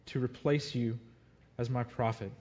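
A man's voice: medium pitch, fairly even intonation, unhurried, a little mellow, lo-fi sound. A man preaching a sermon, reading scripture aloud and dwelling earnestly on it.

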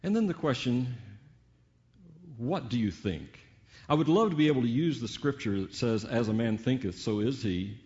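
An older man preaching a sermon with dramatic swings between booming peaks and hushed asides, full of rhetorical questions. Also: a little fast, hardly any pauses, muffled recording.

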